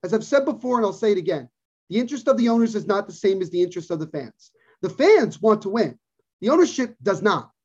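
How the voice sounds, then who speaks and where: A man's voice: high-pitched, big pitch swings, quick pace, darkish tone, husky. A man co-hosting a podcast, ranting emphatically about sports and repeating his points for stress. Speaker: podcast co-host. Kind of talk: casual sports talk, opinionated rant. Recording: dull lo-fi podcast audio.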